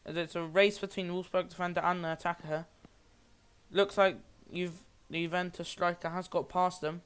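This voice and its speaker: A man's voice: sits high, little pitch movement, moderate pace, a bit bright, smooth. A man giving amateur play-by-play commentary on a football match, rambling a little and often restarting or correcting himself.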